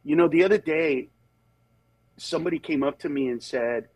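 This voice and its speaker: A stand-up comedian, guesting on a podcast, tells animated stories in a slightly high male voice, dropping into quick character voices and growing earnest and emphatic on serious points. The casual conversation is captured in a dry, low-quality recording.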